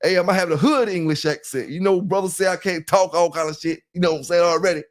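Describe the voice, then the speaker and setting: High-voiced talkative Southern man. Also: quick pace. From South Carolina. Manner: loose and talkative, keeps saying "you know what I'm saying", greets chat members. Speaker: livestream host. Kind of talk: casual livestream talk.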